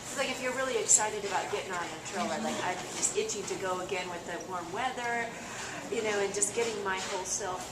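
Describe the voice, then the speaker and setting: A woman in the audience asking a question in a quick, casual way. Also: mid-range voice. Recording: distant and echoey, noisy hall.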